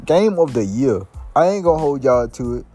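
A man's voice: medium pitch, animated, moderate pace, mellow, soft background music. A young man hosting a casual solo podcast, rambling loosely with slang and lots of "like" and "bro". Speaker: podcast host.

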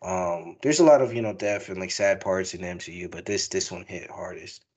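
Young male podcast host, low-pitched, loose and rambling, swears freely. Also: a little fast, a little mellow. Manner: rambling, profane, emotional. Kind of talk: casual movie review chat.

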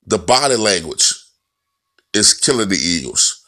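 Man, lowish voice, blunt and profane sports rant, keeps circling back to his points. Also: very animated, a little slow, sharp tone. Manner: blunt, profane, repetitive, ranting. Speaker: football commentator.

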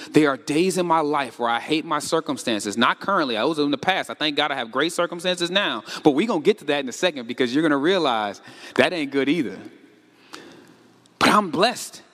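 A man pastor preaching a sermon, animated, acting out the complaints of his congregation. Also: fairly high pitch. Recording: long hall reverb.

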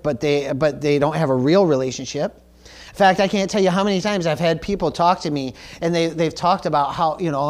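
Emphatic preaching man. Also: on the high side. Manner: earnest, emphatic, repeats words when stressing points; calls for audience responses like "Amen?". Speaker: pastor. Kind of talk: sermon.

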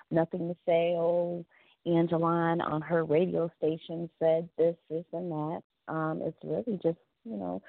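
A woman with a low, gravelly voice talks easily through her podcast, laughing now and then and slipping into playful quoted voices. The sound is dry and thin, as if it came over a phone line. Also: no room sound. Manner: chatty, laughing, acts out little quoted voices. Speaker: podcast host. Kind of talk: casual solo podcast talk.

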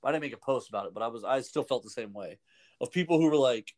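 A man's voice: medium pitch, quick pace. A man in casual podcast chat, telling stories animatedly, laughing often and acting out what people said. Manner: animated storyteller, laughs often, acts out quotes.

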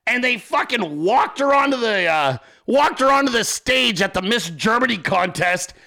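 A man's voice: very high voice, animated, normal speed, bright, forceful tone. A man hosting a political commentary show, ranting in a crude, sarcastic way with constant swearing and frequent asides to his listeners. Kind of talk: profane unscripted rant.

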